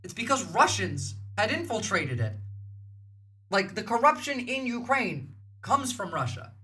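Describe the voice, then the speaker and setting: A woman's voice: mid-range voice, big pitch swings, measured pace, sharp tone. A woman, giving blunt, heated livestream commentary and swearing freely. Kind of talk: casual reaction commentary.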